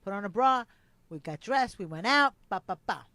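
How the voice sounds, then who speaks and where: A woman co-hosting a podcast, telling a personal story in a lively way, acting out the quotes and swearing freely. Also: medium pitch, normal speed, no echo. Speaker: podcast co-host. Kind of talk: casual chat, storytelling.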